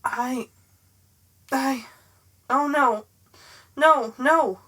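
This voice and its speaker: A woman's voice: high voice, animated, measured pace, pushed and bright, breathy edge, voice pushed up, heavily acted. A woman voicing a desperate teenage girl under mind control, who pleads and breaks off mid-sentence. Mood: panicked.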